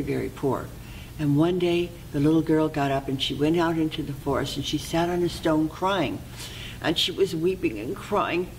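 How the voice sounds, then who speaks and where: A library volunteer telling a fairy tale aloud in an expressive way, sometimes dropping to a soft whisper. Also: medium pitch, slight background noise, low-quality recording.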